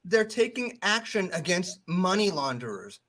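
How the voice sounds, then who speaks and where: A man co-hosting a podcast, chatting casually in a joking, sarcastic, animated way. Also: sits high, normal speed, over a noisy crowd. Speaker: podcast co-host.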